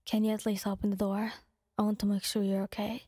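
A woman's voice: medium pitch, monotone, a little fast, dry recording, studio quality, pitched below the performer's own voice, lightly acted. Shoto Todoroki, whispered role-play, as a woman plays him. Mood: gentle. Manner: soft, gentle, coaxing. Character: calm caring teenage boy hero.

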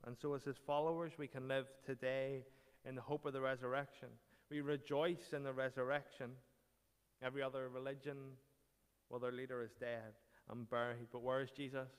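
A man preaching with dramatic, emphatic phrasing, his voice smooth and resonant. The sound carries a long reverb from the church around him. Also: medium pitch, flat delivery, moderate pace. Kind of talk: sermon.

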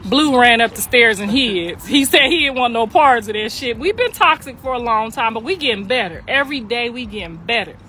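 A middle-aged woman spins a family story in loose, slangy talk, laughing as she goes. Her voice sits a little high and rings bright and forceful. A faint noise runs under the recording. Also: lively intonation, a little fast, few pauses. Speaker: storyteller, mother. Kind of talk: casual storytelling monologue.

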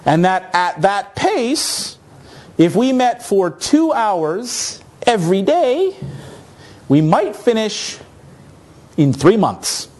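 Lively man from north america telling a work story on stage, fairly high voice, pokes fun at himself. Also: slow. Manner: animated, self-mocking, casual swearing. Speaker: conference speaker. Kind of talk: storytelling conference talk.

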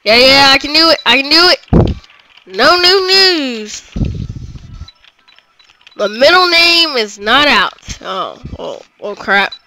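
Guy with a really high bright voice doing let's play commentary, gets worked up and yells at the game. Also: slow, long pauses, a little hiss or hum, low-quality recording. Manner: excitable, groans and yells at the game. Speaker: gamer.

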